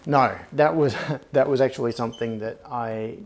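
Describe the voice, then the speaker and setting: Searching a workshop clean room on his live stream, a man chats casually and mutters to himself in a medium-pitched voice at a moderate pace. Rustling anti-static bags and clicks fill the background.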